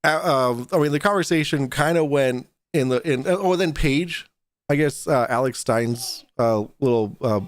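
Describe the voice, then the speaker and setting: A man's voice: mid-range voice, moderate pace, dry recording, clean studio sound. A man chatting as a guest on a talk show, hesitant and full of restarts. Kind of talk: casual chat.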